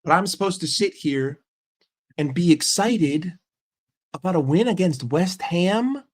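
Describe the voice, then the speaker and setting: American male football fan ranting, heated and sweary, slightly higher voice. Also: lively intonation, measured pace. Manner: profane, heated, emphatic repetition. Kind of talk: casual reaction rant.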